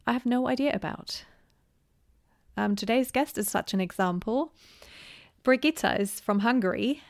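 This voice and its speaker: A woman's voice: mid-range voice, gravelly, a little mellow, no echo, clean studio sound. A woman hosting a podcast, chatty and upbeat, who laughs often while talking. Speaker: podcast host. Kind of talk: casual podcast chat.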